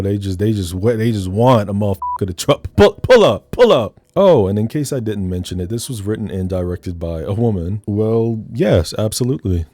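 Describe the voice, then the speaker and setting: A man's voice: lowish voice, dark tone. A young man giving a sassy, campy comedic recap of a film. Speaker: video essay host.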